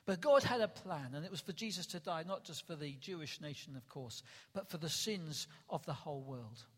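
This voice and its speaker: A man's voice: a little high, lively intonation, normal speed, a bit bright, slightly rough. A male preacher giving a dramatic sermon that rises to emphatic calls, recorded in a church hall. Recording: long reverb in a large hall.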